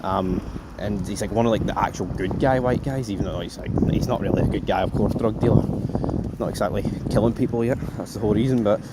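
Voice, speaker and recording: A man's voice: fairly low pitch, fast talker, very noisy. A man giving a rambling, offhand recap of a TV episode. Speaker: TV show reviewer.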